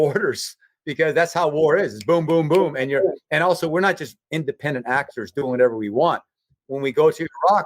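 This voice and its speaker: An earnest man speaks in a fairly high voice over a remote call. He piles up short emphatic phrases. The sound is dry and close. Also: no room sound. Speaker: guest, humanitarian relief leader. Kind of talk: emotional personal storytelling.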